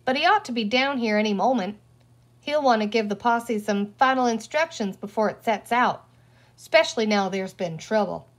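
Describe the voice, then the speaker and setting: A pompous, round little green man from a storybook, drawling like an old cowboy, as a woman reader acts him out. He speaks a little high, with a lively lilt. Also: normal speed. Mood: chatty.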